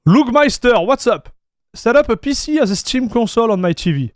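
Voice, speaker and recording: A man's voice: very high voice, animated, a little fast, no echo, clean studio sound. A man from France with a French accent, chatting casually with his live-stream chat as a tech streamer, laid-back and calling everyone "dude". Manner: laid-back, says "dude" a lot, reads chat aloud.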